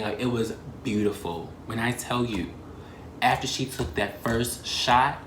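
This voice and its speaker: A man in his twenties telling an embarrassing story in a fast, animated and profane way, full of slang and "like" fillers. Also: mid-range voice, a little hiss or hum. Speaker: vlogger. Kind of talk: casual storytime. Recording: roomy echo.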